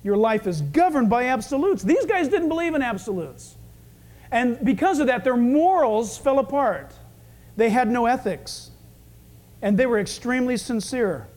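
A man preaching a sermon, animated, acting out the scenes he tells. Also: extremely high pitch, moderate pace. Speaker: pastor.

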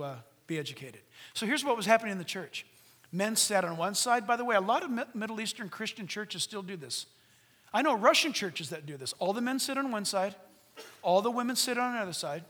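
A man preaching a sermon as a pastor, animated, now and then mimicking voices in a high shout. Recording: long hall reverb.

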